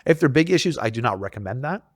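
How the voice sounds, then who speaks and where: A man's voice: mid-range voice, fast talker, no room sound, studio quality. A man working as a realtor, chatting casually on a podcast and telling a story in which he acts out what the other people said. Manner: animated storytelling, acts out quoted exchanges.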